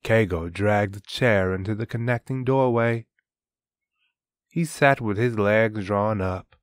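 Guy reading a fantasy audiobook, slow and steady, low voice, dry close sound. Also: clean tone, no echo. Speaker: narrator. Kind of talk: audiobook narration.

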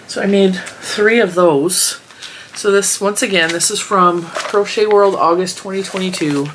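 A woman's voice: mid-range voice, measured pace, a bit bright, a little hiss or hum. A woman vlogger rambling casually about her week and her crochet projects. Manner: chatty, rambling storytelling. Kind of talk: casual chat.

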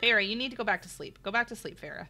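With a medium-pitched, expressive voice, rapid-fire delivery, vocal fry and a sharp tone, a middle-aged woman runs a let's play on her gaming channel. She chats with viewers and exclaims at the game over faint game music.

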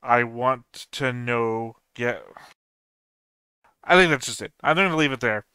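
Bright, clear-voiced man musing aloud. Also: medium pitch, measured pace, no echo. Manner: thinking aloud, puzzling over theories. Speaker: anime reaction host. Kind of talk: casual solo reaction commentary.

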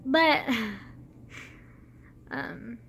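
A young woman with a high voice talks straight to camera in a loose, rambling way. She giggles often and fills her sentences with "like" and "um". Faint room ambience sits under her voice. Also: sing-song, drawn-out words, gravelly, a bit bright, a little hiss or hum. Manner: rambling, giggly, many fillers. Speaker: vlogger. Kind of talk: casual chat to camera.

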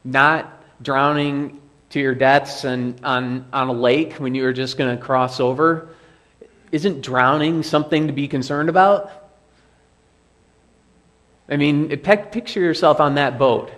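Slow, deliberate male preacher. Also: medium pitch, steady tone, a bit bright. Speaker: pastor. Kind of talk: sermon. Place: church sanctuary.

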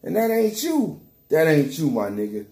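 A man's voice: fairly high pitch, huge pitch swings, moderate pace, darkish tone. A man giving a heated, profane commentary rant, repeating himself and calling someone out directly. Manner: heated, repetitive, calls out directly. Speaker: battle rap commentator.

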